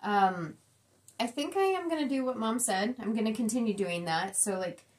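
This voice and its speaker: A woman's voice: fairly high pitch, expressive. A young adult woman co-hosting a cross-stitch video, chatting casually and supportively while showing her own projects. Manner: supportive, chatty, quick asides. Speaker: co-host of a cross-stitch channel. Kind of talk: casual chat.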